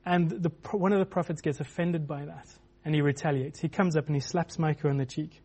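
A man's voice: fairly high pitch, fairly even intonation, brisk, a little mellow, slightly rough. A man preaching a sermon in a loose, conversational way, with many restarts and filler words.

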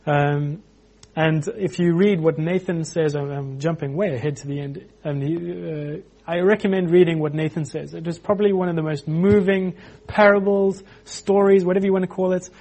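A man preaching an informal sermon, animated, acting out quotes with frequent restarts. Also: fairly high pitch, moderate pace, vocal fry, few pauses.

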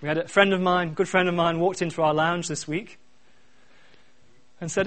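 A middle-aged man preaching a sermon, swinging from quiet asides to loud, repeated refrains. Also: sits high, fairly even intonation, normal speed, pauses often. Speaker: pastor.

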